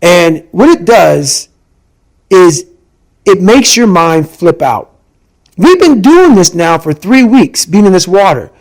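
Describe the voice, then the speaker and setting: A man whose voice is fairly high for his sex speaks as a podcast guest, sharing a hard personal story conversationally. Intense and emphatic, he drives points home by repeating lines, all captured on a rough recording.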